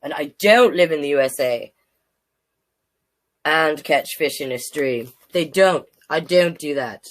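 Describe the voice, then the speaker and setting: A woman's voice: sits low, a little slow, voice pushed down. A woman voicing a grumpy male koala who is fed up with being called a bear, in a put-on Australian accent and a sing-song, rhyming storybook delivery. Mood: indignant.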